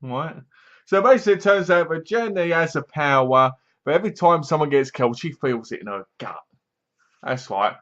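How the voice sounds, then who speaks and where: Casual male film reviewer, slightly high voice, sarcastic and mocking, lo-fi home recording. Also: lively intonation, moderate pace, fairly bright tone. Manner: sarcastic, mocking, acts out scenes. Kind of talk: casual spoken movie review. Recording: dull lo-fi sound.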